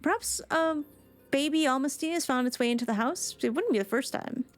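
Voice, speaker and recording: A woman's voice: sits high, a little fast, soft background music, voice pushed up, natural voice. A woman reading aloud the lines of a worried female villager asking for help, in an earnest, polite manner. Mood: reassuring.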